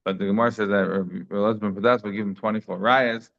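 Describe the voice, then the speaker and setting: A man's voice: lowish voice, steady tone, fast, vocal fry, fairly bright tone. A man giving a daily Talmud class in a conversational way, thinking aloud with frequent restarts. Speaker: Talmud teacher. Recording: slightly dull lo-fi sound.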